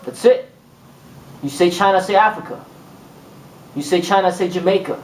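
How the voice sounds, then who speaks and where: A man giving an informal spoken lesson as a kung fu instructor, rambling and acting out exchanges. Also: normal speed. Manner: rambling, repeats "boom" and acts out exchanges. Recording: echoey room, mic far off.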